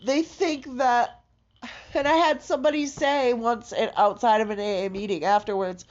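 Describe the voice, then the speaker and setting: A woman in a raw confessional monologue, distraught and halting, swearing heavily and breaking into shaky laughter. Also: on the high side, steady tone. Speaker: vlogger. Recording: dull lo-fi audio.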